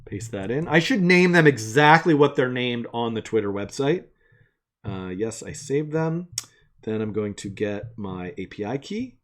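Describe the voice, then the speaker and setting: A man's voice: mid-range voice, expressive, a little slow, fairly bright tone. A man hosting a live coding stream, casually thinking aloud and narrating each step as he works from an attic room.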